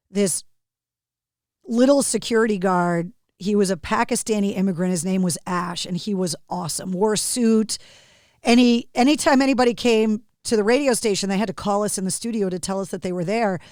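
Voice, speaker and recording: A woman radio host and podcaster telling an anecdote in a lively, animated way during a casual interview. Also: medium pitch, brisk, no room sound, studio quality.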